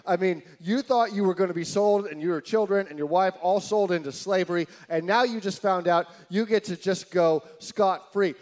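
A male pastor with a high, light voice delivers a lively sermon. He tells the story with animated, incredulous asides. He drops to near-hushed lines between them. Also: normal speed, few pauses.

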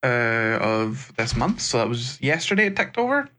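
A man's voice: mid-range voice, sing-song, normal speed, pushed and bright, slight background noise. A man with a Scottish accent co-hosting a gaming podcast, chatting casually and rambling a little. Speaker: podcast co-host.

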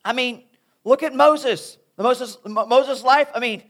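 A man preaching a sermon to young people as a youth speaker, talking in an animated, conversational way. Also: very high voice, unhurried.

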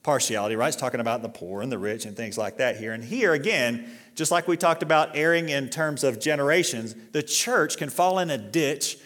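A middle-aged male pastor preaching a sermon in a relaxed, conversational way, with fillers and restarts, and rising in force when he reads scripture aloud. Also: medium pitch, fairly quick. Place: church sanctuary. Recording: long reverb of a church hall.

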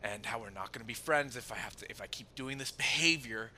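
Bright-voiced man telling a story. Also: medium pitch, fairly quick, slight background noise. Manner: animated, restarts often, swears freely. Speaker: podcast co-host. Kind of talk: casual storytelling.

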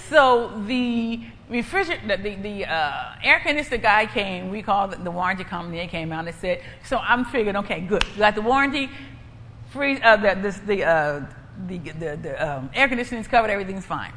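Lively woman preaching in an echoey hall. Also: medium pitch, fairly quick. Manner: emphatic, repetitive, conversational. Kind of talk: preaching with personal testimony. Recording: echoey hall, faint ambient noise.

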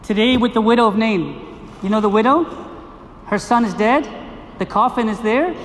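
A man with a very high voice preaches a sermon, drawing in his listeners with questions and repeated phrases. He is recorded in an echoey gym with a long reverb tail. Faint noise sits underneath. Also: moderate pace. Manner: animated preaching with rhetorical questions and repetition. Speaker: priest. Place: gym used for a liturgy.

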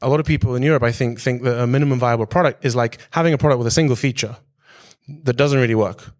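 A man's voice: medium pitch, fast talker, darkish tone. A man giving a business presentation in a direct, conversational way. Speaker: speaker giving a business talk.

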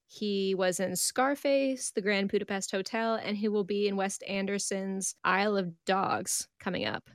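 A woman from Pennsylvania co-hosting a podcast, steering the talk in a brisk, matter-of-fact way. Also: mid-range voice, fairly even intonation, no room sound, clean studio sound. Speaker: podcast co-host. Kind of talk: casual chat.

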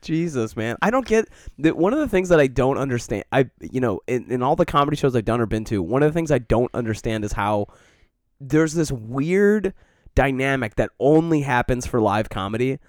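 A man's voice: medium pitch, lively intonation, dry recording, studio quality. A man hosting a podcast, asking questions eagerly and laughing often in casual chat. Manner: laughs a lot, eager, quick asides. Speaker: podcast host.

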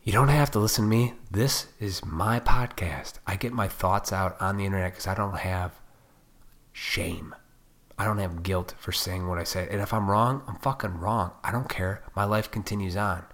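A man's voice: deep voice, normal speed, a bit bright. A man hosting his own podcast, ranting profanely and combatively, now and then mocking other people in put-on voices. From Illinois. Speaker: podcast host.

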